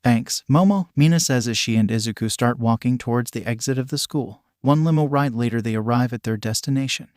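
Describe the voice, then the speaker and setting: A male narrator reading fan fiction with steady, even storytelling. His voice sits at a middle pitch and sounds dry and close to the mic. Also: fairly quick, hardly any pauses, no room sound.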